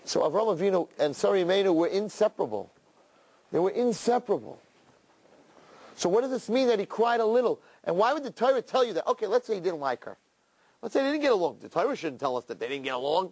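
A man's voice: high-pitched, very animated, quick pace, a little mellow, slightly rough. A male rabbi giving a sermon on scripture, telling it as a story with many rhetorical questions.

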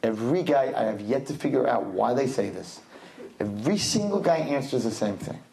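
A man's voice: mid-range voice, brisk, creaky. A man speaking as a rabbi, giving a humorous sermon and acting out the people in his stories. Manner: animated storyteller, acts out voices in quotes.

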